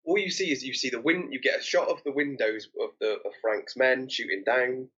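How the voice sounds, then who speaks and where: A man's voice: mid-range voice, a little fast, fairly bright tone, breathy edge, muffled recording. A man co-hosting a film podcast, sharing behind-the-scenes trivia in a hesitant way, often repeating words as he goes. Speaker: podcast co-host. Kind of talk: casual film discussion.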